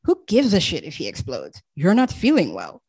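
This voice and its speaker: A steady, protective man speaks low and blunt, with no patience for nonsense, read by a woman narrator. The voice is husky and dry. He sounds fully in control. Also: moderate pace, no room sound, exaggerated voice. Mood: firm.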